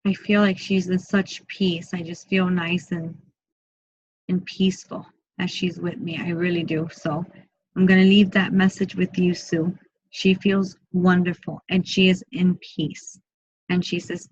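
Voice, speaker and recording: A woman working as a medium, giving an online group reading in a soft, slow, repetitive way and often speaking in first person for the spirit. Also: fairly low pitch, flat delivery, husky, dry recording, lo-fi sound.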